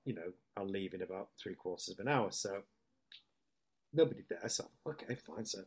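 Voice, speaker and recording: A man from Hull with a northern English accent, an actor telling stories in a relaxed interview, full of restarts and quick impressions of other people. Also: sits low, husky. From Hull, England. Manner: chatty storyteller who breaks into lively impressions, with many restarts. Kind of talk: casual anecdotal chat.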